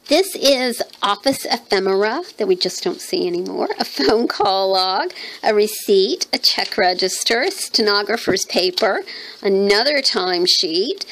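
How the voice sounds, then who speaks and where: Gravelly Southern woman, chatty show-and-tell. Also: medium pitch, fairly bright tone, rough recording. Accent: Southern US, North Carolina. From North Carolina. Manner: chatty, rambling, thinks aloud with many fillers. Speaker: mixed media artist showing her handmade journal. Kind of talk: casual show-and-tell chat.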